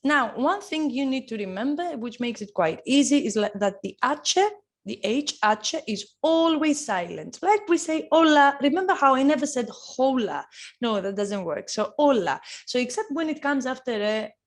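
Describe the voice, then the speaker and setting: A woman teaching an online lesson, encouraging and repeating words slowly to model pronunciation. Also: high voice, lively intonation. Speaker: Spanish teacher.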